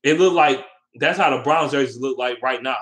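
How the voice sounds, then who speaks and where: A male vlogger speaks at a normal speed in a medium-pitched, slightly bright voice while ranting about sports. He curses a lot, gets heated, keeps repeating himself, and handles viewer questions.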